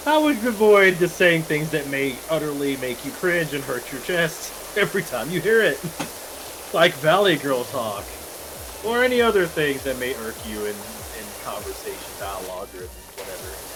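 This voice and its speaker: A man's voice: on the high side, lively intonation, normal speed. A young man streaming a game, rambling casually to his chat and laughing often. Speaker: gaming streamer. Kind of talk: casual livestream chat with viewers. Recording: noisy stream audio.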